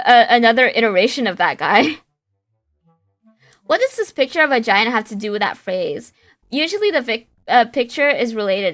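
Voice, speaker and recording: Playful higher-voiced woman streamer. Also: very animated, moderate pace, pauses often, fairly bright tone, no echo, soft background music. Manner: playful, giggly, drifts into a valley girl lilt. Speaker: game streamer. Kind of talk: casual playthrough commentary, reading game dialogue aloud.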